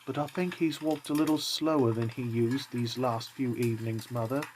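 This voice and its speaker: A man voicing a quiet, dutiful teenage son who speaks softly. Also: mid-range voice, fairly even intonation, normal speed, slight background noise, natural voice. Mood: subdued.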